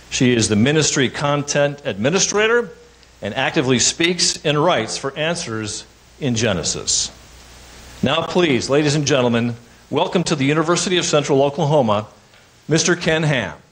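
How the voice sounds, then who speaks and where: A man's voice: mid-range voice, a bit bright, low-quality recording. Man formally introducing the speakers. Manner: reads a prepared introduction. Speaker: event host introducing speakers. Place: university event.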